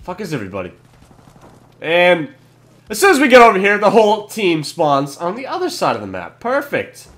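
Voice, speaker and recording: A young man hosting a gaming channel, giving excitable commentary over his match, swearing and yelling at kills. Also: sits high, moderate pace. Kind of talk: gameplay commentary.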